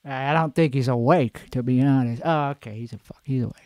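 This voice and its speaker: A man's voice: medium pitch, brisk, darkish tone, no room sound, clean studio sound. A man hosting a comedy show, putting on an Italian-American accent, with a profane, rambling, self-mocking monologue recorded at home at night. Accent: put-on Italian-American.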